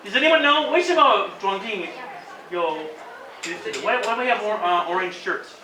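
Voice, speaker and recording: A high-pitched man teaches a room of students, his voice lively and mixing in Chinese to explain. He sounds distant from the mic, with a roomy echo and the clear chatter of a class around him. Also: normal speed. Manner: animated, mixes Chinese into English explanations. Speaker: English teacher.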